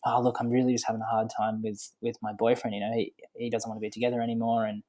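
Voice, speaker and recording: A man voicing a nervous, scared woman who speaks softly and hesitantly about her troubles. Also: medium pitch, level tone, fast talker, natural voice. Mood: anxious. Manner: hesitant, soft, trailing off.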